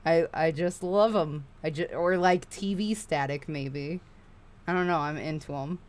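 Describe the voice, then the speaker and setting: A woman's voice: low voice, a little slow. Chatty, swearing woman streamer. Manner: chatty, profane, excitable. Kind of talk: casual live-stream chat while crocheting.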